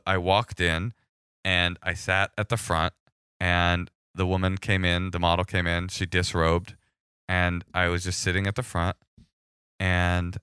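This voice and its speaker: A man's voice: low voice, smooth, no echo, studio quality. A man casually telling stories about his old work, acting out both sides of phone calls. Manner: animated, acts out callers with sudden shouted bursts. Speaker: guest storyteller. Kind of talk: casual storytelling chat.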